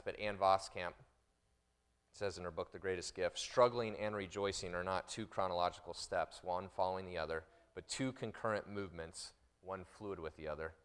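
A middle-aged man preaching a sermon as pastor, swinging between loud impassioned passages and quiet, intimate ones. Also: deep voice.

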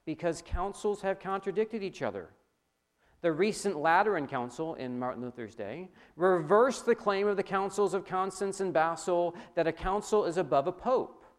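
A man preaching a sermon, talking straight to his audience with animated emphasis. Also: a little high. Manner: animated, rising emphasis, addresses audience directly. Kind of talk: sermon lecture.

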